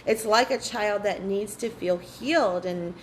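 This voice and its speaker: Earnest woman, repeats phrases, swears freely, mid-pitched, faint background noise. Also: unhurried, poor audio. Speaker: spiritual workshop host. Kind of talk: live online workshop talk.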